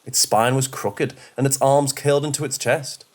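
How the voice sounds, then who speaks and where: A man reading horror stories aloud in a steady, measured narration. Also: mid-range voice. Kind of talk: scripted horror story narration.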